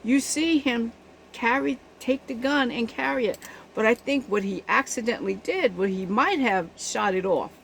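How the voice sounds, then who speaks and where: A woman's voice: a little high, normal speed, gravelly, fairly bright tone, a little hiss or hum, poor audio. Indignant woman giving spoken commentary. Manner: indignant, emphatic, checks in with the listener. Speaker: commentator on the news.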